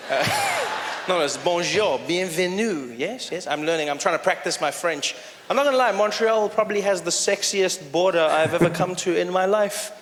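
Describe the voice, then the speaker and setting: A man with a high voice performs stand-up live, playful and quick with asides to the crowd. His voice rings with a long hall echo from the venue. Steady background noise sits under it. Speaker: stand-up comedian.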